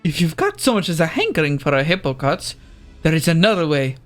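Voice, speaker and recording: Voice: mid-range voice, huge pitch swings, a little fast, faint music behind, pitched below the performer's own voice. A video game player voicing a tough, straight-talking woman clan leader with a drawling folksy accent that wanders as the lines go on. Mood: firm. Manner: drawling, uses "ain't". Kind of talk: reading game dialogue aloud in character.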